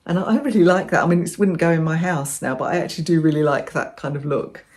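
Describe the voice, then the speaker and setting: A woman's voice: low voice, fast, darkish tone. A middle-aged woman chatting enthusiastically as she shows off her bargain finds in a casual vlog. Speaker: vlogger. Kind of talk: casual show-and-tell chat.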